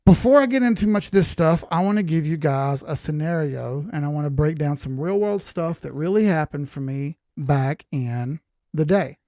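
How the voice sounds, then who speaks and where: Gravelly guy in his 40s going over crypto charts, folksy and rambly, dry close mic. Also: a little high, expressive, moderate pace, warm tone, no room sound. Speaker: crypto chart analyst host. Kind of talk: casual chart analysis talk.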